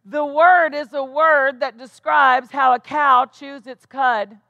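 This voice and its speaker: High, bright-voiced woman pastor preaching. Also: steady tone, slow, no echo, muffled recording. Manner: emphatic preaching with rhetorical questions to the congregation. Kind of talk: sermon.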